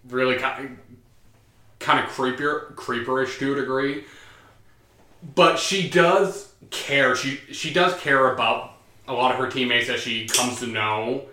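A man's voice: medium pitch, bright, forceful tone. Rambling podcast guy in an echoey room. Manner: rambling, filler-heavy. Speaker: podcast co-host. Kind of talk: casual chat.

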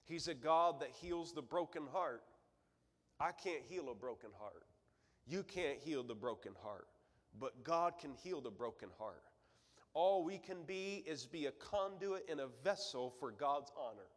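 Fervent preacher in a church hall. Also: male voice, a little high. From Michigan, USA. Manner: fervent preaching that swings from loud exhortation to quiet storytelling. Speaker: guest preacher. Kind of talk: sermon. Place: church sanctuary.

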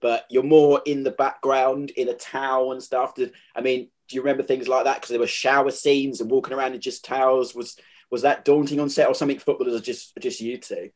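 A friendly man hosts a conversational interview, his voice at an ordinary middle pitch. He builds his questions slowly and loosely, circling before he lands on the point. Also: little pitch movement, a little mellow. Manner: friendly, asks long rambling questions. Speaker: interviewer, host.

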